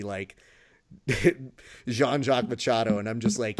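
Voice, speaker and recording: Co-host, male, animated storyteller, casual chat. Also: mid-range voice, takes it slowly, long pauses. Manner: animated storyteller, loud bursts.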